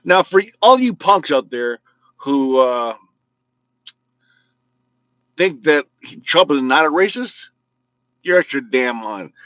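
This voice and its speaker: An Illinois man hosts his own casual video talk show, delivering a blunt, joking political rant straight to camera with speech that's slightly slurred and mumbly at times. His voice sits on the high side with big pitch swings and a fairly bright tone, and he talks slowly with long pauses. The recording is dry and dull, with a lo-fi quality.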